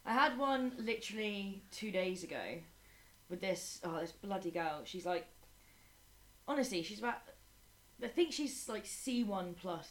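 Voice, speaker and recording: A young woman, an English teacher in a casual interview, chatty and swearing lightly as she acts out classroom stories. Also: medium pitch. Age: young adult. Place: Madrid.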